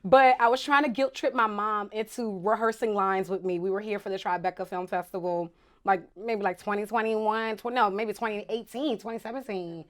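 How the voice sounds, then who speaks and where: A woman's voice: medium pitch, normal speed. A woman from Virginia with a shifting Southern accent, telling stories as a guest in a casual interview, acting out quotes with laughter. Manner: animated storytelling with voiced quotes and laughter. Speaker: actress guest.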